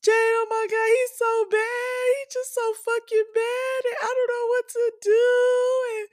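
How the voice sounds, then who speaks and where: A woman's voice: level tone, a little slow. A woman acting out a distraught young single mother who is crying and wailing about her child. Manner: wailing, frantic, high-pitched. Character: sobbing overwhelmed young single mother friend.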